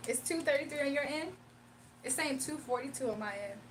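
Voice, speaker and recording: Talking directly to her viewers on a relaxed livestream, a woman with a high voice reads their chat messages aloud, laughing often and chatting at a brisk clip. She's doing readings as host, sitting a bit away from the mic with faint room noise in the background.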